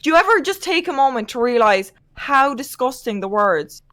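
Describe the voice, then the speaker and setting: High, bright-voiced young woman, sassy. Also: sing-song, moderate pace. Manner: sassy, exasperated put-downs. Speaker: podcast guest. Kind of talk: casual group chat.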